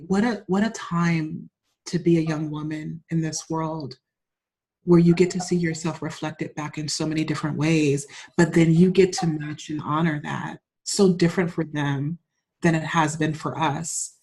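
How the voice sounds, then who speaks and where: Lowish-voiced woman chatting as a guest, laughs a lot, gets emotional. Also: steady tone, a little slow. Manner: warm, laughing, openly emotional storyteller. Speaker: interview guest. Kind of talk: casual interview chat.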